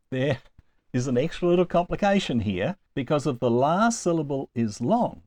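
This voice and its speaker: Man teaching Greek with lively pitch. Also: no echo. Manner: slow, deliberate over example words, with chuckles. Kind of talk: recorded lecture.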